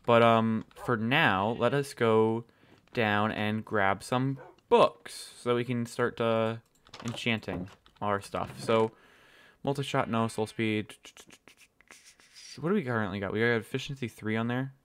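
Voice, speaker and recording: A man's voice: fairly low pitch, unhurried, a bit bright, smooth. A man giving casual, rambling commentary while playing a building game, swearing often and losing his train of thought. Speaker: gaming channel host.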